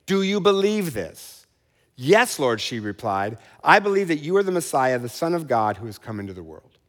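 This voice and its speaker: Man, middle-aged, pastor, sermon, playful asides, very lively intonation, long hall reverb. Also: medium pitch, a little fast. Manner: animated, playful asides and mock voices.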